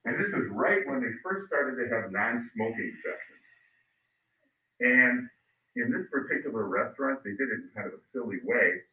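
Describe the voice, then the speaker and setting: A middle-aged male history teacher telling a story to his class, animated and acting out voices. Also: medium pitch, moderate pace. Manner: animated, acts out voices, loud bursts. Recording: phone-like, echoey, distant mic.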